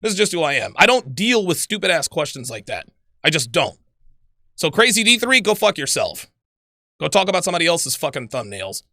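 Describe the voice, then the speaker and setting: A man hosts a livestream and rants with anger and a lot of swearing, repeating his points. His voice is high, bright and gravelly. The sound is close and dry. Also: very animated, fairly quick, no room sound. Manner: angry, profane, repetitive. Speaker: livestream host. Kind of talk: heated livestream rant.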